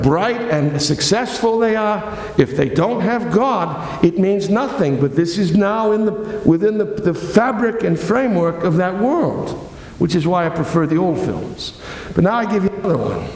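A man's voice: sits high, vocal fry, a little mellow. A male pastor preaching a sermon, chatty and digressive, with asides and restarts, recorded in a church sanctuary. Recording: echoey hall with long reverb.

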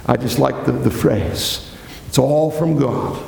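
A man's voice: medium pitch, slow pace, creaky, darkish tone, slight background noise. A male pastor preaching a sermon, chatty and digressive, with asides and restarts, recorded in a church sanctuary. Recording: echoey hall with long reverb.

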